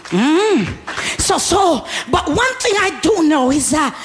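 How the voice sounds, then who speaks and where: A woman preacher delivering an exuberant sermon, often shouting, laughing and calling for responses from the congregation. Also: sits high, very animated, slow, slight background noise.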